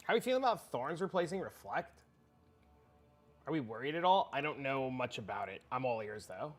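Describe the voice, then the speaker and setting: Animated, rambling male streamer. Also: medium pitch, a little fast, soft background music. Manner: rambling, profane, animated, repeats himself. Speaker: livestreamer. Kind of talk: casual livestream chat with viewers.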